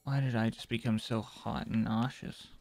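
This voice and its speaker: A man's voice: medium pitch, little pitch movement, normal speed, gravelly, darkish tone. A man giving let's play commentary on a horror game, talking to himself, jumpy and wry as he explores. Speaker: gaming channel host.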